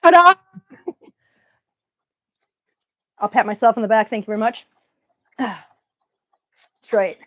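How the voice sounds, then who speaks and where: A woman's voice: mid-range voice, fairly even intonation, moderate pace, pauses often, no echo, muffled recording. A woman with a Minnesotan accent hosting a casual livestream, chatting with viewers and telling stories. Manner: chatty, storytelling, greets viewers warmly. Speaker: livestream host.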